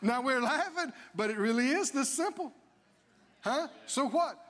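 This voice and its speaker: A male pastor delivers an animated sermon. His voice sits very high, and he breaks into mock whining prayers and laughter. The sound carries a long church-hall reverb. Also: moderate pace. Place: church sanctuary.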